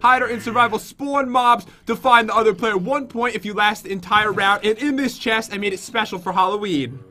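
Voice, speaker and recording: A woman's voice: a little high, a little fast, pushed and bright. A woman hosting a casual gaming video, explaining the rules in a chatty way and laughing often.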